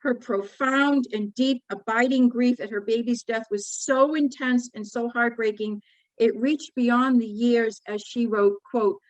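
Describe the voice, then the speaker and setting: Woman poet presenting her book, earnest and moved, slightly high pitch, dry sound. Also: steady tone, no room sound, rough recording. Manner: earnest, measured, emotionally moved. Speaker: poet and author. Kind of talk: book talk with poetry reading.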